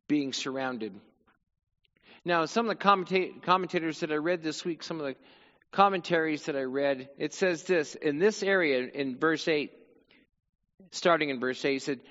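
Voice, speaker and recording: A man's voice: a little high, unhurried, pauses often, fairly bright tone, long reverb tail, lo-fi sound. A male pastor preaching a sermon, reading scripture dramatically and chatting casually between passages.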